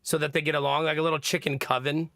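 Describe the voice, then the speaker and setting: Laughing often and rambling between topics, a young livestream host chats casually with his viewers. His slightly high voice has a sharp tone and flat delivery, moving at a quick pace. The sound is studio quality, with no echo.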